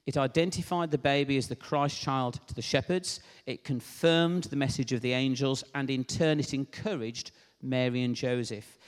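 A man giving a sermon in an earnest, unscripted way, pausing with fillers and restarting phrases. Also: medium pitch. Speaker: preacher. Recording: long hall reverb.

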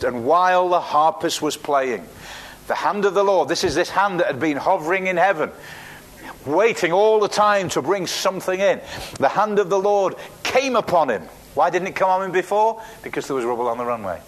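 Man preaching a lively sermon. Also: high voice. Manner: animated storytelling with acted quotes, halting restarts.

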